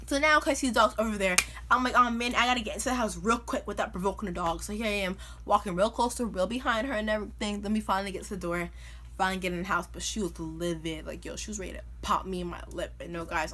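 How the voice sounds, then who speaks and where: A young woman vlogger telling a funny personal story in an animated, chatty way, full of "like" and "you know". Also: fairly low pitch, a little hiss or hum. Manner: animated, chatty, filler-heavy with lots of "like". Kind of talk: casual storytime.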